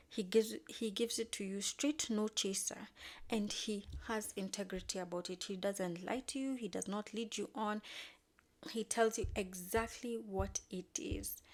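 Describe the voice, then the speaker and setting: A woman casually recapping a show, slangy and emphatic, acting out the characters' lines as she tells it. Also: medium pitch.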